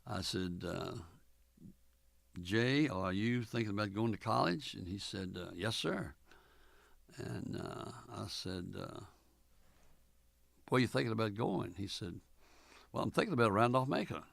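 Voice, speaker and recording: An older man, a former college basketball coach, telling stories in an oral history interview in a folksy, unhurried way with many fillers, acting out the dialogue. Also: lowish voice, expressive, vocal fry, fairly bright tone, no echo.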